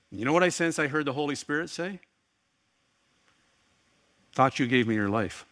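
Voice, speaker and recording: Bright-voiced man preaching. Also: mid-range voice, no room sound. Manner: earnest storytelling with wry asides and laughs. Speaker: pastor. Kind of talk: sermon.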